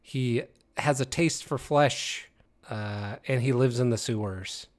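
A man's voice: mid-range voice, slow. A man hosting a casual guessing game, reading descriptions aloud, often laughing mid-sentence and stumbling over words. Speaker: game host.

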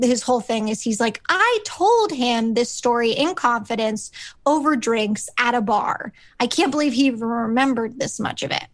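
A woman's voice: on the high side, fairly bright tone, no echo. Chatty woman recapping an episode. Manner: rambling with many fillers, acts out characters' lines. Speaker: podcast co-host. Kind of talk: casual recap chat.

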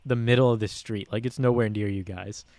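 A man running a tabletop game as game master, laughing often and describing the scene in a loose, relaxed way. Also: fairly low pitch, a little fast, no room sound.

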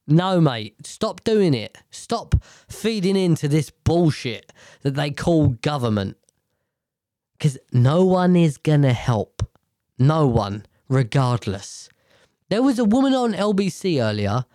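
A man rants about politics in a slow, blunt, sweary way, rambling from point to point. His pitch jumps around a lot as he talks. The sound is dry and close, with no room echo. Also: very animated, a little mellow. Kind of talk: profane political rant.

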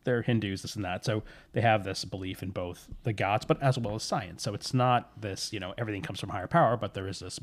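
A man's voice: on the low side, a little fast, hardly any pauses. A man telling a spooky story in casual podcast chat, rambling with fillers and correcting himself.

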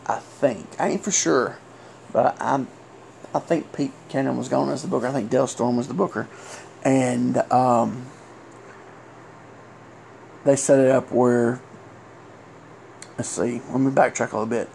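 Gravelly man, rambling recollection. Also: medium pitch, fairly even intonation, darkish tone, a little hiss or hum. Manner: rambling, halting, many fillers and restarts. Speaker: former pro wrestler. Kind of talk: casual storytelling.

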